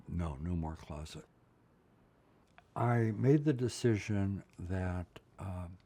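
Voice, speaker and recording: A man's voice: deep voice, mellow, slightly rough. An older man from Pennsylvania, telling his life story in an interview, blunt and emotional, often checking in with "right?". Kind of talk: candid personal storytelling.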